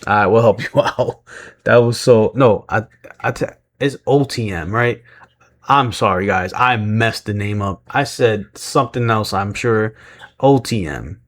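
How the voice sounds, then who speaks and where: A man's voice: lowish voice, a little slow. Tired, rambling man recapping casually. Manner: rambling, chuckles often, self-correcting. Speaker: wrestling recap host.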